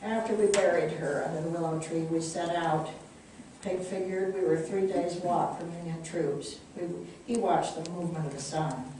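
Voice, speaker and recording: Mellow woman reading a storybook aloud. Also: fairly low pitch, steady tone, moderate pace, slight background noise. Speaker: author reading her book. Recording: echoey room, distant mic.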